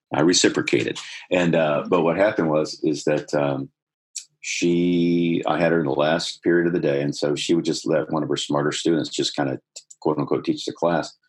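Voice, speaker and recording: A middle-aged man with a husky voice, earnestly telling a personal story in conversation, growing more animated as he goes. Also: very deep voice. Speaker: guest telling his life story.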